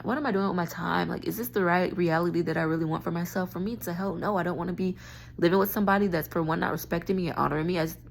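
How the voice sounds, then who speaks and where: Low, gravelly woman ranting into her phone. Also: slight background noise. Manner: frustrated, stream-of-consciousness, restarts thoughts. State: tired. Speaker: spiritual vlogger. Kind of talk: rambling rant to camera.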